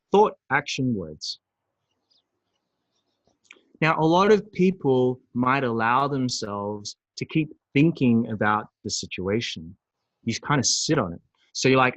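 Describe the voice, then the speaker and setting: A man presenting a recorded webinar on emotions, animated and acting out angry outbursts. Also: medium pitch, no room sound, lo-fi sound. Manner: animated, acts out angry voices.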